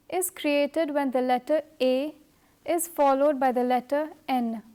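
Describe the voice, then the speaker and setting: Slow, careful woman teaching French. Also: high-pitched, darkish tone. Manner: slow, careful, measured delivery. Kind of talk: scripted language lesson.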